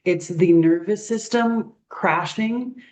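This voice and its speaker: A woman facilitating a group discussion on a video call, speaking in a measured, thoughtful way. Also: fairly low pitch, darkish tone.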